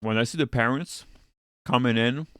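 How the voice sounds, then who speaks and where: A man's voice: medium pitch, normal speed, a bit bright, clear, resonant tone, no echo. A man who works as a teacher, chatting casually and profanely with viewers on a live stream while he works, rambling from topic to topic.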